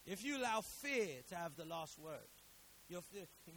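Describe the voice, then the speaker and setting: A man preaching a sermon who swings between hushed storytelling and loud exhorting, repeating words for emphasis and acting out the voices he quotes. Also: fairly high pitch, animated, moderate pace, a little hiss or hum, rough recording. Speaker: pastor.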